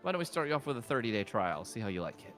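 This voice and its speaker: A man narrates a tabletop game as game master in an easygoing way, quick to laugh. His pitch swings widely from a middle register. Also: sing-song, a bit bright, soft background music.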